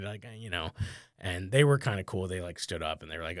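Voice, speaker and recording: Deep-voiced man telling a rambling story. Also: lively intonation, fast, no echo, clean studio sound. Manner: rambling, conversational, many "like" fillers, chuckles often. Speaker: comedian and podcast host. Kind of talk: casual storytelling chat.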